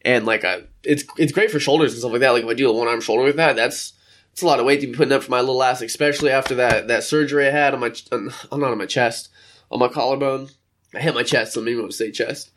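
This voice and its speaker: A man's voice: medium pitch, fairly even intonation, fast talker, a bit bright. A young man in casual, rambling vlog chat, talking from a room by a window and acting out little quotes. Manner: rambling, chatty, acts out quotes. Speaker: vlogger.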